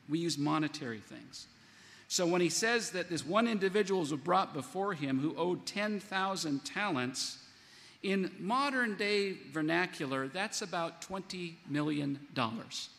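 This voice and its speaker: Guy preaching a sermon, kinda high voice, acts out the quotes, big echoey hall. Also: fairly bright tone. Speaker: pastor. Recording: long hall reverb.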